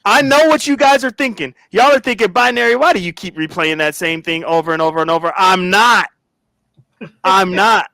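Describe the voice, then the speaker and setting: A man's voice: high voice, moderate pace, sharp tone, dry recording. A man hosting a reaction commentary, talking dramatically with lots of exclamations. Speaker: host.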